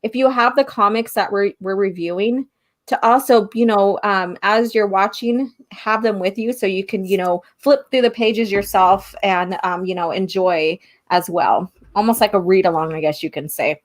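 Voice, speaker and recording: A woman's voice: medium pitch, moderate pace. Woman, casual stream host, easygoing and giggly, mid-range voice. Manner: chatty, laughs often, reads viewer comments. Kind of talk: casual chat.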